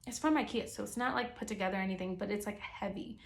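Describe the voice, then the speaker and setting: A woman's voice: mid-range voice, fast. A young woman vlogger telling a story in casual chat. She sounds exasperated and chatty and leans heavily on the filler "like.".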